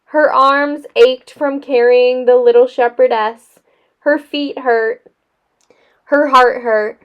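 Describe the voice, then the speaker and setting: A woman teacher reading a children's novel aloud in a measured, expressive way. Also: sits high, clear, resonant tone, muffled recording.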